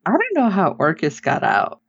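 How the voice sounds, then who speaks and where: Low-voiced woman in a lively recap. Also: moderate pace, gravelly, breathy edge. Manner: animated retelling, acts out quotes, laughs often. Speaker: podcast co-host recapping a TV episode. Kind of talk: casual chat. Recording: dull lo-fi sound.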